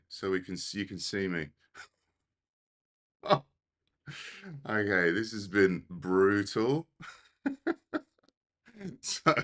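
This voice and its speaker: A man's voice: low voice, sharp tone. A man hosting a live-streamed meditation session, a little out of breath and flustered, laughing at his own tech trouble. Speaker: meditation host. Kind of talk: live-streamed casual talk. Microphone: desk microphone on a live stream.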